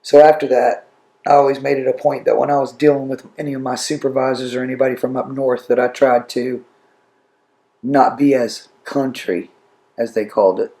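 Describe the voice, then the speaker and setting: Man, gravelly voice, flat even delivery, plain storytelling. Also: medium pitch, fast talker. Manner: plain storytelling, country-spoken. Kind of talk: casual interview answer.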